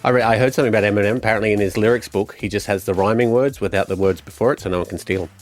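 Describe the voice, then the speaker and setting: A man's voice: fairly low pitch, steady tone, very fast, soft background music. A man with an Australian accent, co-hosting a radio show in casual chat with dry, sarcastic banter. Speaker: radio co-host. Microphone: studio microphone.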